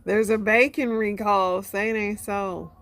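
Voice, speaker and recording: Gravelly-voiced woman reading headlines casually. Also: mid-range voice, steady tone, measured pace, fairly bright tone. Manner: offhand, reading headlines then commenting. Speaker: host. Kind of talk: casual news chat and reactions.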